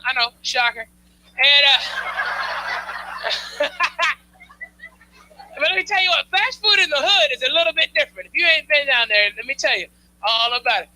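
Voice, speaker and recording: A man's voice: extremely high pitch, expressive, normal speed, long pauses, rough recording. A male stand-up comedian on a club stage, talking loose and slangy while teasing the crowd through a handheld mic.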